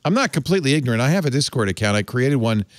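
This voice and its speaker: A man's voice: mid-range voice, racing, no room sound. An older man hosting a casual tech panel chat, joking and asking questions. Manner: lively, joking, asks questions. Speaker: host.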